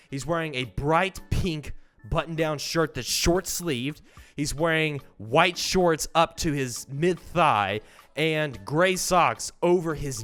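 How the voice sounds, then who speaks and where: A young man telling a childhood story to camera in a casual, animated way. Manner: animated, acts out quoted voices with big pitch jumps. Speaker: vlogger.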